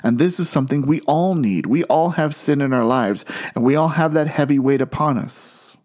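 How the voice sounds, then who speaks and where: A man's voice: on the high side, normal speed, a little mellow. Earnest male preacher. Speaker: pastor. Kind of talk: sermon.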